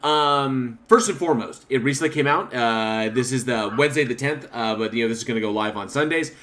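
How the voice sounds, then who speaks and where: Male podcast host, relaxed chat, reads comments aloud, laughs easily. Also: mid-range voice, fairly quick. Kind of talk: casual chat.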